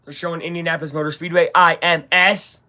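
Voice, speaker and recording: A man's voice: on the high side, flat delivery, quick pace, bright, forceful tone. A man giving live play-by-play commentary on a game as a fan, talking in a casual, rambling way and openly voicing his frustration. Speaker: fan watch-along commentator.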